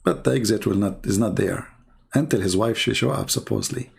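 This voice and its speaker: A man's voice: on the low side, a little fast, vocal fry, slightly rough. A man hosting a live call-in debate, questioning a caller and mocking him to his audience. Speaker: debate host.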